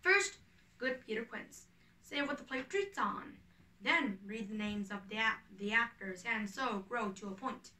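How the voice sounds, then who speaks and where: Voicing an eager, boastful weaver who dabbles in amateur acting, a woman speaks a little slowly in a bright voice that's slightly high for her sex. The room echoes and she's far from the mic.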